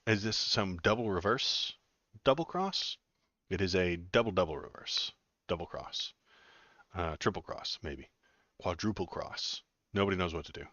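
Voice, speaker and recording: A deep-voiced man rambles through political news on his livestream, dropping sarcastic jokes between filler words. The sound is dry and slightly dull, like a cheap home mic. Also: lively intonation, unhurried, pushed and bright, no echo. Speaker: political commentary streamer. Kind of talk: casual livestream commentary.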